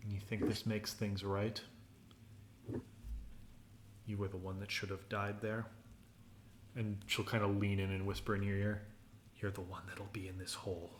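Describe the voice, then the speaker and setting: A man voicing a bitter, spiteful woman who hurls cold accusations in a hushed tone. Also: lowish voice, little pitch movement, a little slow, pauses often, echoey room, slight background noise, close to an everyday voice.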